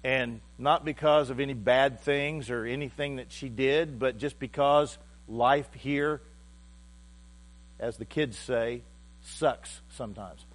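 A male pastor preaching with a mid-range voice, halting and heartfelt, stumbling over repeated words. A low mains hum runs under the recording. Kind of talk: sermon.

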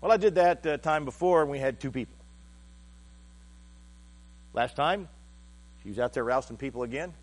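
A male pastor preaching a sermon in a halting, heartfelt way, often repeating words as he restarts. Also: mid-range voice.

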